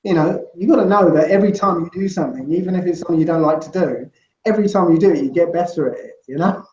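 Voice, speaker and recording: A man's voice: on the high side, fast talker, darkish tone. Man with a roomy, muffled sound. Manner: rambling, full of "you know" and "right?". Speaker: guest. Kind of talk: casual interview chat.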